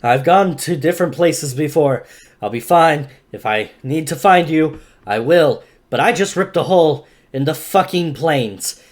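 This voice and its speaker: A man voicing an overexerted male mage who speaks hoarsely, curt and sardonic. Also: fairly high pitch, animated, unhurried. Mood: urgent, curt.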